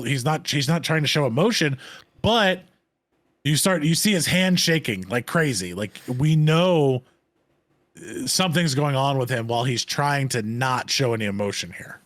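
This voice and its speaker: A man in casual podcast chat keeps cutting in with quick agreements and short points. He is recorded close and dry, with no room around him. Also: mid-range voice, lively intonation, no room sound. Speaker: podcast co-host. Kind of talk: casual show recap chat.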